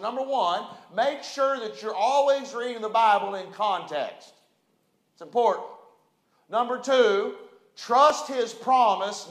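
A man, a pastor preaching a sermon to a responding congregation, swelling from quiet talk into loud bursts. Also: very high-pitched. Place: church sanctuary. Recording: echoey church room.

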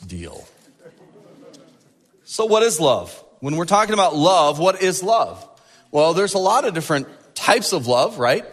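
A male pastor preaching a sermon in an animated way, stretching out key words for emphasis. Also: a little high, in a large hall.

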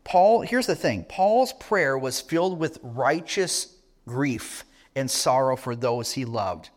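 A man's voice: medium pitch, lively intonation, slow pace. A middle-aged man preaching a sermon in an earnest tone, asking rhetorical questions and restarting his phrases.

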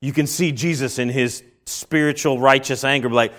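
A man preaching a sermon, asking rhetorical questions and answering them himself, and breaking into animated acted-out voices. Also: normal speed. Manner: acts out quoted voices with big jumps in pitch and loudness.

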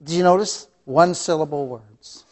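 Man, fervent Bible teacher with a slightly high voice; big swings from loud emphasis to near-whispers, repeats his points. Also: normal speed. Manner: impassioned, swings from loud emphasis to hushed asides; calls listeners "beloved", repeats key phrases. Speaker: Sunday school teacher. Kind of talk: preaching a Bible lesson.

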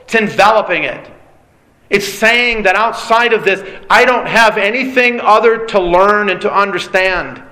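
A man delivering a sermon in a high, bright, forceful voice. He preaches earnestly, leaning on repetition and deliberate pauses to drive each point home. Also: low-quality recording.

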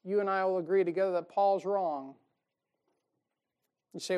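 A man's voice sits high and stays steady at a normal speed, with a clean tone though the highs are cut off. He's preaching a folksy, emphatic sermon, chuckling at his jokes and shifting between loud stresses and quiet asides.

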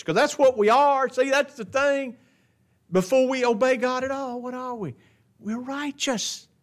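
A man's voice: extremely high pitch, fairly bright tone. A man teaching an adult Bible class in a folksy way, often asking the class questions. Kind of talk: Bible lesson. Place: church classroom.

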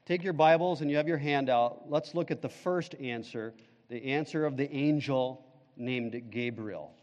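A man's voice: mid-range voice, moderate pace, a little mellow, long reverb tail, dull audio. A male pastor preaching a sermon, emphatic, putting questions to the congregation.

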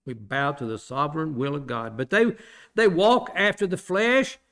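A man preaching a Bible study sermon, plain-spoken, repeating phrases for emphasis and asking his listeners rhetorical questions, with loud bursts and quiet low asides. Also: expressive, moderate pace. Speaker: pastor teaching a Bible study.

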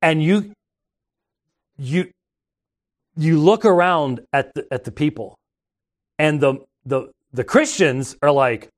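A middle-aged man hosts a talk show, telling rambling, conversational anecdotes and often restarting his sentences. His voice is fairly high, and he takes it slowly, with long pauses.

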